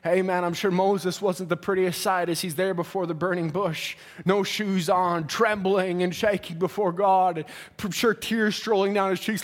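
A man preaching a folksy sermon in church, building from a conversational tone to fervent, near-shouted exhortation. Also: high-pitched, steady tone, moderate pace.

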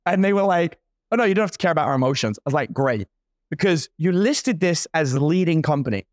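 A man's voice: on the high side, expressive, fast, dry recording, clean studio sound. A man in his forties telling a story in casual talk, playing out the other people's lines as he goes. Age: 40s. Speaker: guest entrepreneur.

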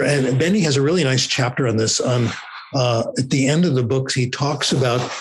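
An older American man explaining his views on language learning in a relaxed, wandering way, often checking in with "okay?". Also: mid-range voice, slightly rough, low-quality recording. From United States. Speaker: guest, language researcher. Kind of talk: conversational explanation.

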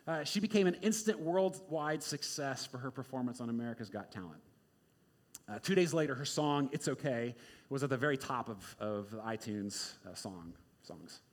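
A male pastor giving a conversational sermon, informal and repetitive, swinging between loud emphasis and quiet asides. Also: on the high side. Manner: informal, repeats words, many "like"s and "right?"s.

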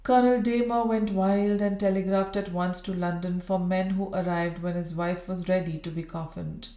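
A woman reading a novel aloud in steady, measured storybook narration. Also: fairly low pitch. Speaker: audiobook reader. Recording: roomy echo.

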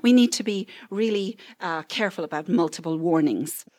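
A woman's voice: on the low side, lively intonation, normal speed, darkish tone, no echo, studio quality. A woman counselor giving a parenting talk, telling stories and acting out what parents and children say, with frequent "right?" asides.

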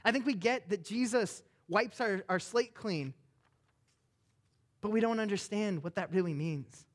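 High-voiced man preaching a sermon. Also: unhurried. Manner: animated preaching, voice rising in emphatic declarations. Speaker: pastor.

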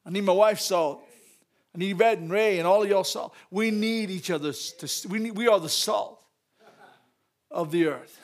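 Pastor, male, very high voice; exuberant call-and-response sermon, frequent laughs and shouts. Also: moderate pace. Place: church.

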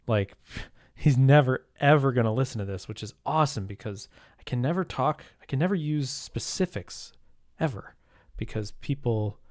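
A man's voice: mid-range voice, mellow, no echo, clean studio sound. A man hosting a podcast on his own, talking in a rambling, casual way with lots of fillers, restarts and mild swearing. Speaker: podcast host. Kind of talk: casual solo podcast monologue.

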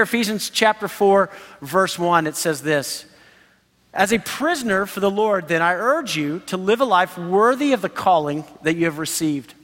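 Animated high-voiced male pastor, echoing hall. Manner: animated, enthusiastic, laughs often. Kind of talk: sermon. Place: church sanctuary. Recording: long hall reverb.

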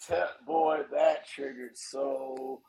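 A man chatting casually as a podcast guest, animated and swearing freely. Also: mid-range voice, drawn-out words, creaky, a loud crowd, poor audio. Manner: animated, swears casually, acts out quoted voices. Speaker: podcast guest, snake breeder. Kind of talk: casual chat.

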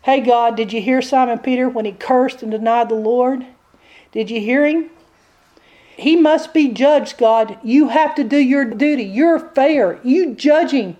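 A woman's voice: sits high, a little slow, dark tone, dull audio. A woman voicing an insistent male devil who accuses a man before God like a prosecutor in a sermon. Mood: gloating.

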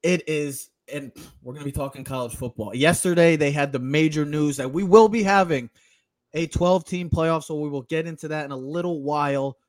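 Male sports podcast host, eager and rambling, a bit higher than average. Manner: excited, quick, rambling. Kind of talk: casual sports talk.

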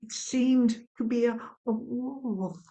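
A woman voicing a frightened old townswoman, breathless and halting as she tells what she saw. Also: on the high side, warm tone, voice pushed up. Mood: fearful. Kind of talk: storytelling.

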